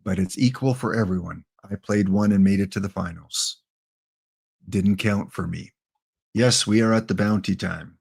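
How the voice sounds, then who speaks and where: A man's voice: sits low, moderate pace, creaky, darkish tone, slightly rough. A man hosting a live game stream, chatting casually with viewers by name and reading out the rules.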